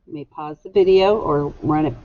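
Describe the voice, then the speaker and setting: A woman's voice: sits low, dark tone, dull audio. A woman teacher dictating a spelling test to young students, sounding out each word syllable by syllable. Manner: slow, deliberate, sounds words out syllable by syllable.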